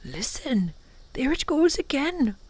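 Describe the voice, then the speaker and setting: A steady older professor speaks in a measured, reassuring way, as a woman reading a storybook voices him. The delivery is unhurried. The room sounds dry. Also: very high-pitched, no echo, pitched above the performer's own voice, full character voice.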